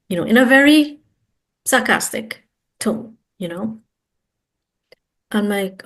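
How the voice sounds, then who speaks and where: A woman's voice: medium pitch, expressive, takes it slowly, long pauses. A woman guest giving an earnest, emphatic personal testimony and repeating words for stress. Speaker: interview guest.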